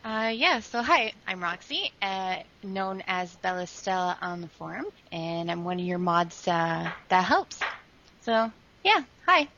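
A woman's voice: on the low side, animated, measured pace, pushed and bright, muffled recording, a little hiss or hum. A woman from Canada guesting on a casual podcast as a forum moderator, playful and laughing often.

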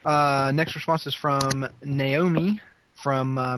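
A man's voice: medium pitch, steady tone, slow, a bit bright, rough recording. A man co-hosting a podcast, chatting casually, rambling and laughing often. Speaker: podcast co-host. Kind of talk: casual chat.

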